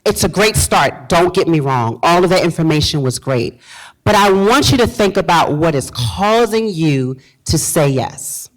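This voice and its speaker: Animated woman preaching to a crowd. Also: on the low side, unhurried, poor audio. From Virginia, US South. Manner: animated, repeats key phrases, quizzes the audience. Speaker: pastor and speaker. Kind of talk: motivational talk to a live audience.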